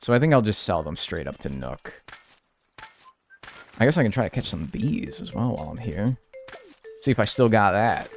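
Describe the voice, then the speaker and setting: A man from North America talks his way through a live gameplay session in a loose, rambling, joking way. His voice swings widely in pitch and breaks into sudden loud yelps. Faint game music plays beneath him. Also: big pitch swings, moderate pace, pauses often. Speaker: streamer playing a life-sim game. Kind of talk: casual live gameplay commentary.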